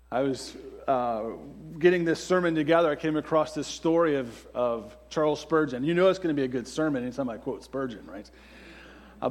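A man preaching a sermon to a congregation in a conversational way, often asking rhetorical questions. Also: fairly high pitch. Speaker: pastor. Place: church before a congregation.

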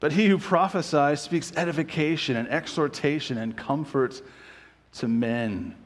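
A man preaching a conversational sermon as pastor, often checking in with rhetorical questions and slowing down to quote scripture. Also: fairly high pitch. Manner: quotes scripture slowly and deliberately.

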